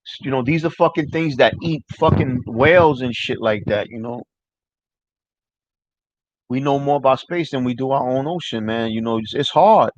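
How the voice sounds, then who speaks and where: New man, loose profane stream host, mid pitch, dry muffled mic. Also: normal speed, no room sound. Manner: loose, profane, rambling, answers chat. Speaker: livestream host. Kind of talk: casual livestream chat.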